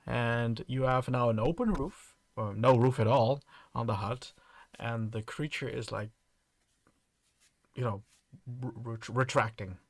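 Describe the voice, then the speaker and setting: A man's voice: mid-range voice, unhurried, no echo. A man running a tabletop game, describing scenes with frequent restarts. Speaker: game master.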